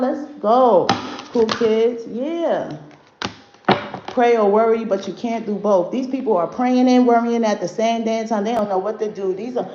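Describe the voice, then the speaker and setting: A woman's voice: fairly high pitch, a little slow. Woman, blunt and profane, casual livestream reading, roomy dull sound, faint hiss. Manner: blunt and profane, talks to chat directly. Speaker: spiritual reader livestreaming to viewers.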